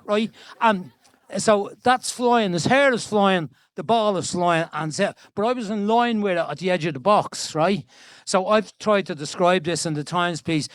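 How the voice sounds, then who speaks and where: A man in his seventies with a Dublin Irish accent, telling stories in an animated, chatty way as the guest in an on-stage conversation. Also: on the high side, no echo. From Ireland. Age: 70s. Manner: chatty, animated storyteller with frequent restarts and laughs. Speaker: guest being interviewed. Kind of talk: storytelling conversation. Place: event stage before an audience.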